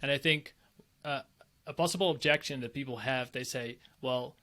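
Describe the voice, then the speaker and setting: Male host, mid-pitch, earnest, restarts often. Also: brisk, bright, forceful tone. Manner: earnest, many restarts and filler. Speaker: podcast host. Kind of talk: conversational interview.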